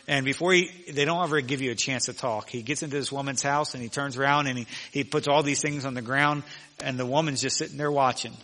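A male pastor preaching a sermon with emphasis, slowing down when he reads scripture aloud. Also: mid-range voice, fairly even intonation, sharp tone. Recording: long reverb of a large hall.

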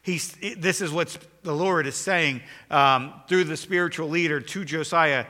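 A man's voice: on the high side, a little slow, bright, forceful tone. A male pastor preaching a sermon, reading scripture aloud and building emphasis as he goes. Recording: long hall reverb.

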